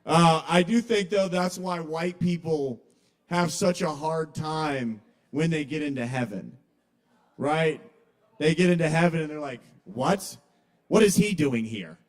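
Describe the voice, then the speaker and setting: A young man doing casual, confessional stand-up comedy at an open mic in a kava bar, with sudden loud outbursts when he quotes people. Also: a little high, a little slow.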